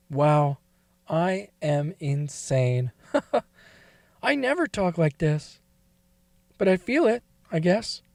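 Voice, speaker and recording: Man, high voice, confessional monologue, confiding, emotional, close dry sound. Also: darkish tone, dry recording. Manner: confiding, emotional, wavers toward tears. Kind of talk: first-person confessional monologue.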